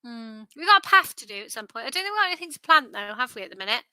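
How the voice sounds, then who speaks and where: A woman's voice: a little high, sing-song, rapid-fire, sharp tone, no echo, rough recording. A tired woman hosting a live quiz, chatty and self-deprecating. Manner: chatty, self-deprecating, sing-song repetition. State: tired, yawning. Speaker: quiz host. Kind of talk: casual quiz livestream chat.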